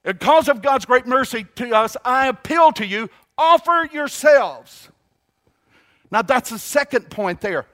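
A man preaching a sermon in a notably high voice. He is emphatic, stretching out key words and calling on listeners to say phrases back. He often restarts his sentences mid-thought. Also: expressive, fairly bright tone. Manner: emphatic, calls congregation to repeat phrases; halting restarts, drawn-out emphasis. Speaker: pastor.

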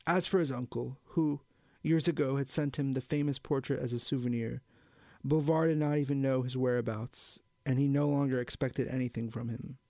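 A man reading a novel aloud in a measured, even storytelling manner. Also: mid-range voice, no room sound. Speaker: audiobook narrator. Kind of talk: scripted narration of a novel.

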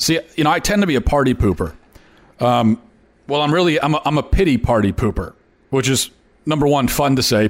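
A man hosting an opinion commentary show, talking emphatically and often repeating words for effect. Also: medium pitch. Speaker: host.

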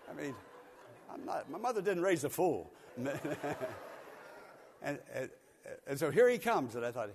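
A man's voice: a little high, lively intonation, normal speed, pauses often, in a large hall, a little hiss or hum. An older man from Pennsylvania preaching a sermon, telling a folksy story and chuckling often. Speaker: pastor. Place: church sanctuary.

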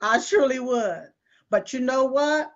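A woman's voice: high-pitched, unhurried. A woman, hosting a live show and talking to viewers in an emphatic, repetitive, folksy preaching cadence. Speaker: show host. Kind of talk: casual talk to viewers. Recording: dull lo-fi stream audio.

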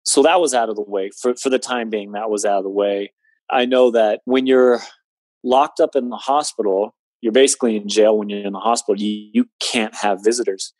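A man's voice: on the low side, steady tone, brisk, darkish tone, no echo. A man in his late twenties earnestly recounting a personal story in conversation, with many fillers. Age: 20s. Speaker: guest telling his story.

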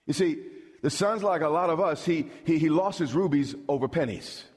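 Husky preacher in a reverberant hall. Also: male voice, on the high side, moderate pace, a little mellow. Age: middle-aged. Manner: emphatic, asks the congregation questions. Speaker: pastor. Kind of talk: sermon.

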